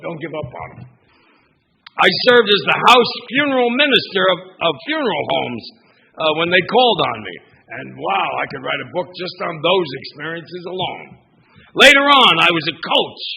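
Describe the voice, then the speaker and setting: An older male minister preaches in a loose, chatty way, breaking off and talking straight to his congregation. His fairly high voice is gravelly and swings up and down a lot. It comes through a dull lo-fi sermon recording. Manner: rambling and chatty, with restarts and asides to the congregation. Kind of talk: conversational sermon. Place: church sanctuary.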